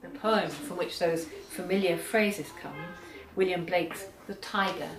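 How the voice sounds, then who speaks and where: Woman lecturer, measured academic delivery, lowish voice, distant mic in a roomy hall with audience. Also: a crowd in the background. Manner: measured, reads poems aloud slowly.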